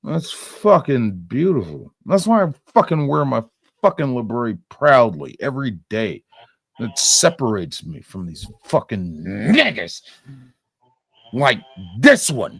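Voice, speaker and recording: A man's voice: medium pitch, sing-song, slow pace, creaky, fairly bright tone, breathy edge, dry recording. An angry young man ranting in a profane commentary, reacting to clips and swearing constantly.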